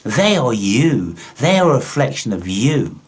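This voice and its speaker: A man's voice: mid-range voice, sing-song, unhurried, slightly rough. A man, delivering a scornful, profane, rambling monologue to his viewers. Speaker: vlogger. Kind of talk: ranting monologue.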